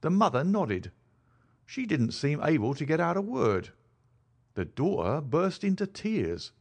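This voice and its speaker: Lively male audiobook narrator. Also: measured pace, slightly rough. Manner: lively, shifts pitch to voice characters. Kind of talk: scripted narration.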